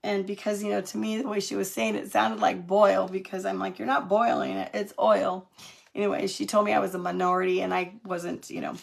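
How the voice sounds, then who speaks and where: A woman's voice: medium pitch, little pitch movement, fast, gravelly, few pauses. A middle-aged woman from California chatting through a live craft demo, laughing often and answering viewer comments as she works. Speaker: craft demonstrator on a live stream.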